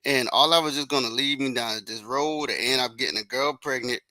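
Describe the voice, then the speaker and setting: A man co-hosting a podcast, talking in excitable, slangy casual chat. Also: medium pitch, brisk, no echo.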